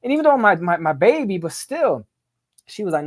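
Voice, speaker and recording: A middle-aged man tells his story in a rapid, unfiltered stream. His talk is emphatic and full of street profanity, casual and direct. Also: high voice, sing-song. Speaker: podcast guest.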